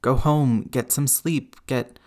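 A man reading the part of an exhausted, grieving middle-aged woman who speaks in a hushed rasp. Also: mid-range voice, steady tone, takes it slowly, lightly acted. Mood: weary. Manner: rasping, hushed.

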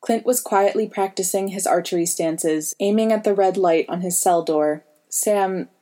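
Woman narrator, audiobook reading, steady, even, lowish voice. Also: moderate pace.

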